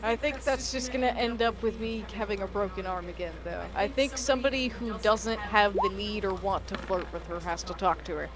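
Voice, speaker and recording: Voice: mid-range voice, fairly quick, few pauses. Brash, profane tabletop player. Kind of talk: casual tabletop play.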